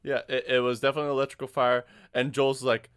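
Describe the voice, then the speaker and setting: A man's voice: mid-range voice, fast. A young man co-hosting a casual podcast, telling stories with animation and acting out quotes. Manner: animated storyteller, acts out quotes. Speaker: podcast co-host.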